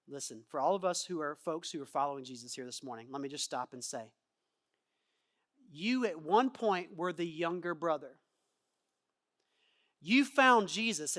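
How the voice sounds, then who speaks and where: Guy preaching in church, animated, gets loud then drops quiet, does little voices for quotes. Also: sits high. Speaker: pastor. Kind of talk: sermon.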